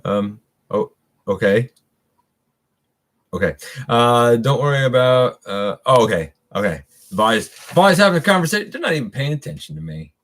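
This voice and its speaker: A man's voice: medium pitch, sing-song, normal speed, fairly bright tone. A middle-aged man hosts a live stream in an easy, conversational way. He greets viewers and reads their comments aloud as he goes. He rambles, with plenty of fillers and false starts. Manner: rambling, many fillers and restarts.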